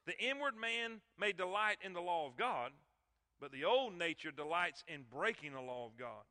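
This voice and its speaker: A man's voice: sits high, big pitch swings, moderate pace, pushed and bright. A man preaching a sermon, emphatic and calling out to his congregation. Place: church sanctuary. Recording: long hall reverb in church.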